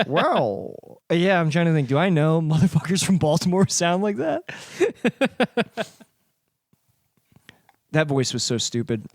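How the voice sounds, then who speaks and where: High, lively man joking on a podcast. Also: a little slow, long pauses, dry recording, studio quality. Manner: joking, laughs often, mock voices in quotes. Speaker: podcast co-host. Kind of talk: casual comedic chat.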